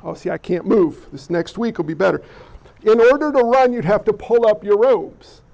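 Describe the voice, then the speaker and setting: A man's voice: high voice, normal speed, gravelly, darkish tone, lo-fi sound. A man preaching a sermon with allergy congestion, talking conversationally and asking the congregation questions. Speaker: pastor.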